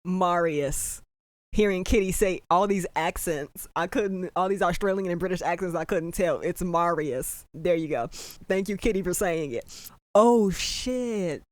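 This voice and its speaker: Excitable young reaction vlogger, dry sound. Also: mid-range voice, normal speed, dry recording. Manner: excitable and emotional, swears freely. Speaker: reaction commentator. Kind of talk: casual reaction commentary.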